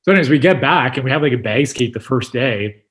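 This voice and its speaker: A man's voice: medium pitch, quick pace. A man in his thirties, a hockey player as podcast guest, telling locker-room stories in a loose, laughing way, full of "like" and swearing. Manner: relaxed, laughing, swears casually, lots of "like". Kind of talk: casual storytelling chat.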